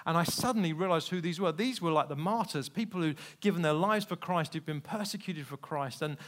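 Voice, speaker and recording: A man preaching a sermon, telling personal stories candidly and swinging between quiet asides and loud, emphatic peaks. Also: on the high side, brisk. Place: church service.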